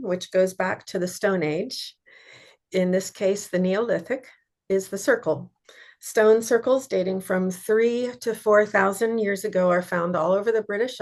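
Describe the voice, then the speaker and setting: A woman co-hosting a casual podcast, reminiscing easily and reading passages aloud. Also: medium pitch. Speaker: podcast co-host.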